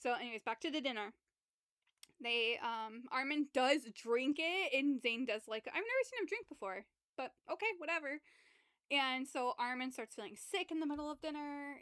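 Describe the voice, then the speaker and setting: Bright, crisp-voiced woman recapping a book. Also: a little high, moderate pace, no room sound, studio quality. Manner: rambling, swears freely, acts out characters' lines. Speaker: podcast co-host. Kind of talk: casual book recap chat.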